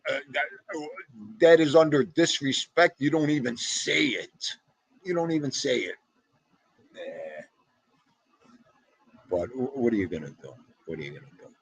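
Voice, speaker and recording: Reading his livestream chat, a middle-aged North Jersey man rambles animatedly, dropping Italian-American slang and welcoming viewers by name. His mid-range voice is husky, measured and frequently paused.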